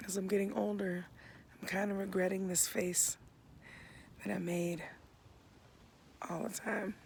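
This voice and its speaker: A man in his thirties talking in a laid-back, reflective vlog into a phone outdoors at home, often dropping into soft half-whispers. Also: high voice, level tone, a little slow, creaky, pauses often. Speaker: vlogger. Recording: noisy outdoor recording.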